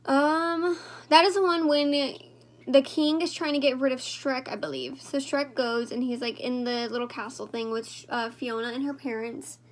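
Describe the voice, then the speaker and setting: A woman's voice: sits high, steady tone, normal speed. A woman vlogger chatting casually and rambling to her viewers while she does her makeup. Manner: rambling, talks to viewers directly.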